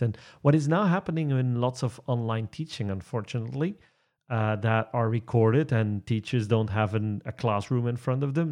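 A man's voice: medium pitch, normal speed, darkish tone. A man who coaches presentations, chatting in a podcast conversation with many fillers, restarts and chuckles. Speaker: presentation trainer.

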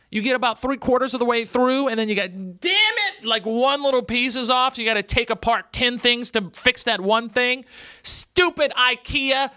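A man's voice: high voice, bright, forceful tone, no room sound. A man hosting a radio show from a studio, talking casually, rambling and joking with lots of fillers.

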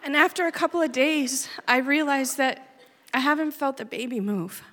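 A woman's voice: high-pitched, moderate pace, a bit bright. Woman telling a raw personal story. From Oregon, USA. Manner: earnest, plainspoken, emotionally raw. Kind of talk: personal story told on stage. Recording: long hall reverb.

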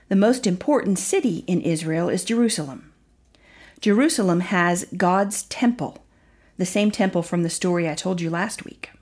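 A woman narrating a Bible story for children in an expressive way, dropping into dramatic whispers. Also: mid-range voice. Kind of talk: scripted narration.

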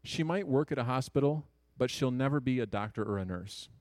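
A man in his thirties telling a personal story to an audience in an earnest, conversational way, with quick jokes and hushed asides. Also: medium pitch, lively intonation, no echo. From Ohio, USA.

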